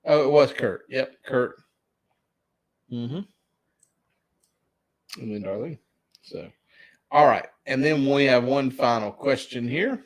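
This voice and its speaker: A man's voice: mid-range voice, takes it slowly, long pauses. A man with a Southern US accent hosting trivia in casual live-stream chat, chuckling as he reads out questions. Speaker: trivia host.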